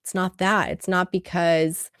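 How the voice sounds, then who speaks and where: A woman's voice: lowish voice, level tone, measured pace, clean tone, no echo, clean studio sound. A woman relationship coach giving an earnest, conversational livestream talk full of rhetorical questions.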